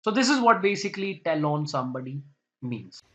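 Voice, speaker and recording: A man's voice: on the high side, sing-song, brisk, muffled recording. A young man energetically explaining phrases in a vocabulary lesson. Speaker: English teacher.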